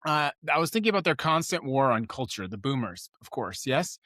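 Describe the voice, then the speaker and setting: A man hosts a live news commentary show, delivering rambling political commentary with sarcastic riffs and breaking off his own sentences. His mid-range voice is sing-song, brisk and a bit bright. The studio sound is clean, with no room sound.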